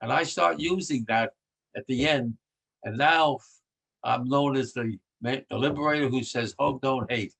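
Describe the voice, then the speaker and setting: This man is in his nineties, a war veteran answering questions in a conversational interview. His mid-range voice is unhurried, creaky, a bit bright with a breathy edge, heard on a rough recording, and he rambles emphatically, restarts a lot, and gets emotional.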